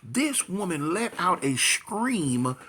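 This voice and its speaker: A man telling a tense street story casually, animated and slangy, acting out the sounds himself. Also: high-pitched, slow pace, a little hiss or hum.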